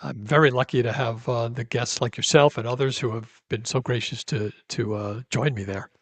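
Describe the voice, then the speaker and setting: A man from New Jersey, a podcast guest, speaking in a relaxed, hesitant way with fillers. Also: mid-range voice, normal speed, slightly rough, dry recording. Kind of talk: casual interview chat. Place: home in Florida.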